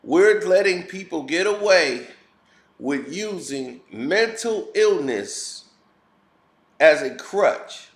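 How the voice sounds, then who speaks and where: A man's voice: a little high, lively intonation, takes it slowly. A man giving a blunt, heated and preachy opinion rant as a commentary vlogger. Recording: roomy echo.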